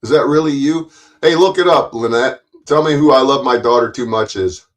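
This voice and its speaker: A man's voice: medium pitch, moderate pace, poor audio. A man hosting a livestream, ranting at his chat in a profane, taunting, confrontational way. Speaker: livestream host.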